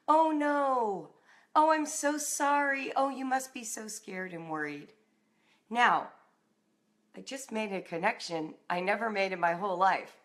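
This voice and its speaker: A middle-aged writing and homeschooling coach from Southern California tells a personal story. Her voice is slightly low, and she stays animated throughout, acting out the voices of the people involved.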